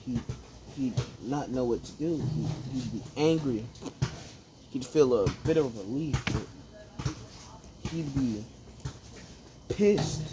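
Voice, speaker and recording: A young man drifts through a story he is making up on the spot, in an unhurried voice. He often stumbles, restarts and drops in fillers. A clear hiss of noise sits under the recording. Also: mid-range voice. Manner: meandering, with fillers and self-corrections. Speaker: storyteller narrating a fan scenario. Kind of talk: casual improvised storytelling.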